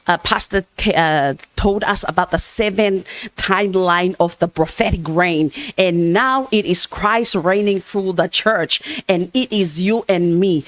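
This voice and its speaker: A woman's voice: medium pitch, no room sound. A woman preaching a sermon at a church service, earnest and emphatic, often restarting her phrases. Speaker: church minister.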